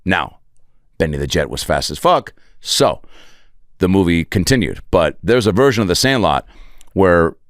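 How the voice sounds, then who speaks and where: A male comedian hosts a podcast, spinning a profane, rambling comic story in a podcast studio. His voice sits low and moves at a moderate pace, captured dry on a podcast studio microphone, and he's digressive and animated.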